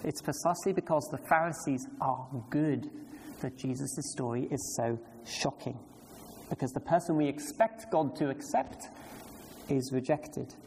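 A man's voice: medium pitch, unhurried, a little mellow. Male preacher, emphatic, questioning delivery; long hall reverb, faint room noise. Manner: emphatic, asks the congregation questions. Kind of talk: sermon.

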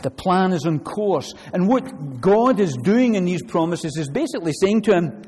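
A man's voice: sits high, normal speed, hardly any pauses, a little hiss or hum. Man preaching in a reverberant hall. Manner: animated, shifting between loud emphasis and quiet asides. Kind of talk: sermon.

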